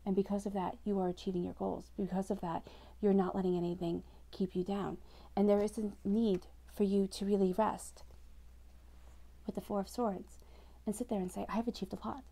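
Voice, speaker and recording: A woman's voice: medium pitch, flat delivery, normal speed, warm tone. A woman giving a tarot reading, speaking directly and reassuringly to the listener in a flowing way. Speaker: tarot reader. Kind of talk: scripted-free spoken tarot reading to camera.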